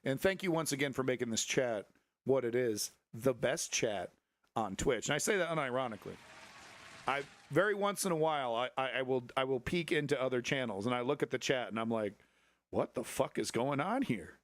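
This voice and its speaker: A man hosting a live stream, reacting to clips with sarcastic, profane commentary and now and then breaking into shrill mocking voices. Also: animated, a little fast, dry recording. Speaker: livestream host.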